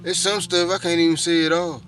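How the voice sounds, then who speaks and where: A middle-aged man talks loosely to his livestream viewers, with a voice pitched a little above the usual for a man. His tone is bright and forceful, and his talk is rambling and full of swearing. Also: little pitch movement, a little fast, faint music behind. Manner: rambling, profane, laid-back, chatting with viewers. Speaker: livestream host. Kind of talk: casual livestream chat.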